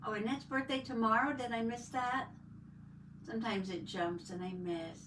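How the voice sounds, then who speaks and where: An older woman hosting a casual crafting livestream, chatting warmly and greeting viewers by name as she reads the chat. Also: a little high, normal speed. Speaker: livestream host. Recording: roomy, distant mic, faint background noise.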